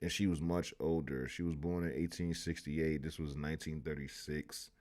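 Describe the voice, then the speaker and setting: A man hosting a live history stream, ranting in an animated, profane way. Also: very deep voice, moderate pace. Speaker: host.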